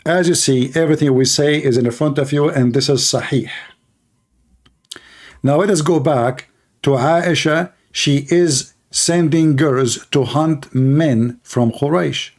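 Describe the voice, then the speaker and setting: A man's voice: a little high, takes it slowly, a little mellow. A man giving sarcastic, mocking livestream debate commentary in broken English. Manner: broken, non-native English phrasing. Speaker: online debater.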